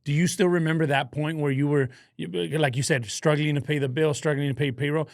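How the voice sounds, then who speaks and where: A man's voice: on the high side, fairly even intonation, a little fast, no echo, studio quality. A man hosting a casual interview, chiming in with agreement and questions. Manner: affirming, chimes in often. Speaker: podcast host.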